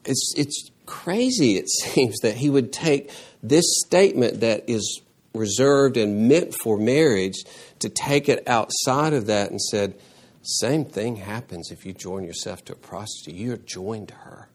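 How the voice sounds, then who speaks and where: Animated male preacher with sudden high bursts. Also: measured pace. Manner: repeats words and restarts phrases. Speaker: pastor. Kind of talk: sermon.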